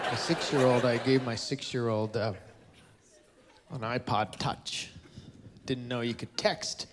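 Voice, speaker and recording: A male stand-up comedian works a live theatre audience in a playful, teasing way. His voice sits high and swings widely in pitch. Crowd laughter and background noise fill the recording. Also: animated, moderate pace. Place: casino resort theatre stage.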